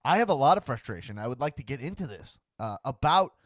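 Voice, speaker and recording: A podcast host rambles through a casual talk show, restarting often, stammering repeats, and imitating other people's voices mid-sentence. His mid-range voice swings widely in pitch and he talks fast. The studio-quality recording has no echo.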